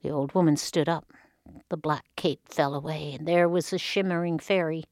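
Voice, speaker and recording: A woman storyteller telling a folk tale with expressive, dramatic pauses. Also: deep voice, no echo, studio quality.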